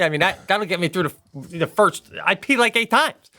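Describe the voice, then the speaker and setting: A man co-hosting a comedy podcast, telling animated stories with frequent swearing while recovering from hip surgery. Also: high-pitched, fairly quick. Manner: animated storyteller, swearing, acting out voices. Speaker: podcast co-host. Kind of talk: casual comedic chat.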